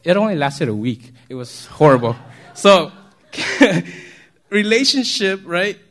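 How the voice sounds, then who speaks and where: A man's voice: high voice, big pitch swings, slow, a bit bright. A man preaching a casual, conversational sermon, often asking the congregation questions and chuckling as he talks. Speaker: pastor.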